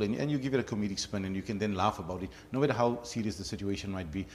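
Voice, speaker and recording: Enthusiastic low-voiced male host. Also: rapid-fire, hardly any pauses, a little mellow, a little hiss or hum. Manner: enthusiastic, long-winded questions. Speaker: interview host. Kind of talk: interview questions.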